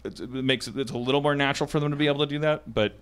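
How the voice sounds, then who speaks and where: A man's voice: mid-range voice, racing, clean tone. A man hosting a comedy podcast in casual chat, rambling with many stammered restarts. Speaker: podcast host.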